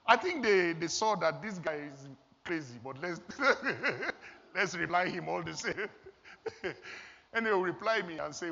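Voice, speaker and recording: A man's voice: high-pitched, lively intonation, a little slow, creaky, bright, forceful tone. A man from Nigeria, preaching a sermon in an earnest, storytelling way. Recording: long hall reverb, dull lo-fi sound.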